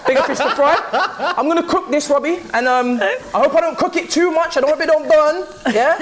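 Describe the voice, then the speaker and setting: A man's voice: extremely high pitch, a little fast, fairly bright tone. Teasing man laughing over a noisy background. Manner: teasing, chuckling between phrases. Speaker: pundit. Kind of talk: casual banter.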